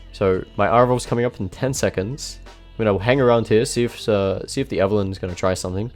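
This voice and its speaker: A man's voice: lowish voice, normal speed. A young man giving casual, rambling gameplay commentary, swearing often and restarting his sentences. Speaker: gaming video creator. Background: faint background music.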